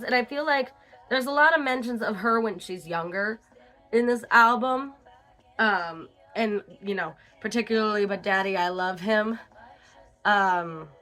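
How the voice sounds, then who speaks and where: A woman's voice: mid-range voice, sharp tone. A woman hosting a casual album review, chatty and breaking into lyric snippets between her comments.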